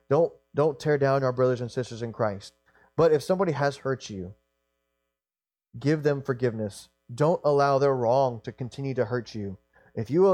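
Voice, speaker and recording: A man's voice: mid-range voice, a little mellow, dry recording. Guy preaching a sermon, earnest and kinda repetitive, trips over his words, dry close sound. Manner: earnest, repetitive, with frequent restarts.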